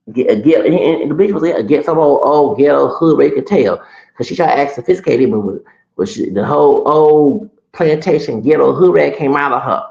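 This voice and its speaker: A man's voice: a little high, gravelly, a little mellow, echoey room, muffled recording. A man in his late thirties telling a personal story in a sassy, profane rant full of restarts. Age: late 30s. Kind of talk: ranting casual storytelling.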